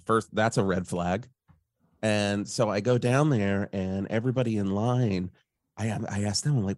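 A man's voice: fairly low pitch, moderate pace, a little mellow, no echo, studio quality. A man calling in to a comedy show, sheepishly telling an audition story. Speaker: caller. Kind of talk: comedic anecdote.

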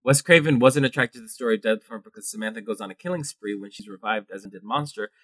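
A man co-hosting a casual podcast chat, talking animatedly and reading film trivia aloud with excitement. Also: on the low side, quick pace, husky, no echo, studio quality. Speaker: guest co-host.

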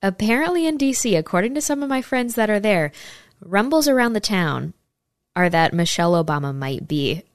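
A woman's voice: mid-range voice, sing-song, a little fast, dry recording, clean studio sound. A woman hosting opinionated political commentary, sarcastic and incredulous, reading passages from articles aloud.

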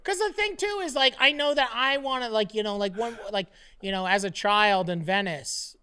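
A man's voice: sits high, normal speed, bright, forceful tone, clean tone. A man co-hosting a casual podcast, teasing and swearing freely as he banters. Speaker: podcast co-host. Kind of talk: casual chat.

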